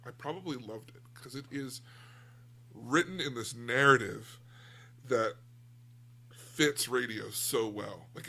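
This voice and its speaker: A man's voice: mid-range voice, creaky, pushed and bright. An American man chatting candidly on a book podcast, rambling a little and restarting his sentences. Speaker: book club podcast co-host. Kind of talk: casual chat.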